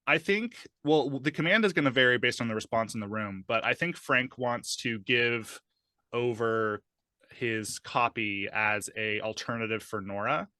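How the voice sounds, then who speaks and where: A man's voice: mid-range voice, normal speed, sharp tone, no room sound, clean studio sound. A man playing a tabletop game, describing his character's actions thoughtfully, with many fillers. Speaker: player.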